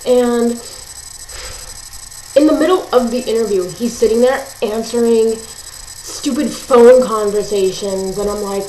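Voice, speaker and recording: A woman's voice: fairly high pitch, unhurried, pauses often. A teenage girl telling a ranting story at home, chatty and exasperated, with lots of "like" and "um". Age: teens. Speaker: vlogger. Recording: roomy echo, faint hiss.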